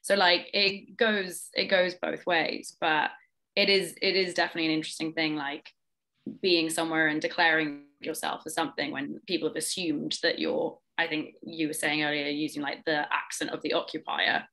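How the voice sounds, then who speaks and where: A woman's voice: low-pitched, level tone, moderate pace, vocal fry, sharp tone. A woman with a Northern Irish accent, a guest speaking in an easygoing, thoughtful way. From Northern Ireland. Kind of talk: casual conversation.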